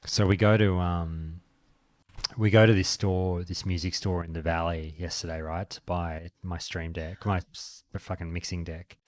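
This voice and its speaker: A man's voice: deep voice, little pitch movement, normal speed, no echo. A man, chatting casually on a game stream and acting out stories. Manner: chatty, swearing, acts out anecdotes. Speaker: streamer and podcast host. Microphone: desk microphone.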